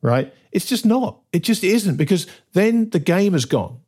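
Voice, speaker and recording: A man's voice: high-pitched, very animated, unhurried, a little mellow, breathy edge. A man co-hosting a casual talk show, making his points with emphasis and asking "right?" often. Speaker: podcast co-host. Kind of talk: casual conversation.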